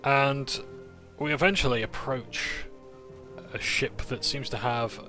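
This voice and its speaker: A man's voice: mid-range voice, steady tone, slow pace, over music. A man casually recapping a tabletop game session, with frequent "uh"s and self-corrections as he narrates.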